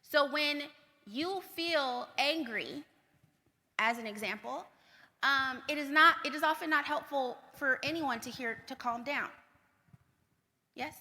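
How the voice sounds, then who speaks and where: A woman giving a conference keynote talk, energetic, repeating points for emphasis and checking in with the audience. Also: high-pitched. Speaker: keynote speaker. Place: large conference hall. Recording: long hall reverb.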